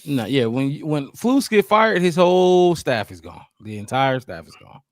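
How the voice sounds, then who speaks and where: A man co-hosting a sports podcast, calmly laying out his view. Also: on the high side, moderate pace, no echo, studio quality. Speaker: podcast co-host.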